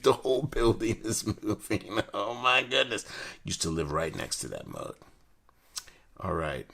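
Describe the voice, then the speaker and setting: A young man from the United States chatting casually and excitedly while opening and reviewing card decks, full of slang and jokes. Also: on the low side, unhurried, gravelly, slightly rough. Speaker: card collector host. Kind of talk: casual unboxing chat.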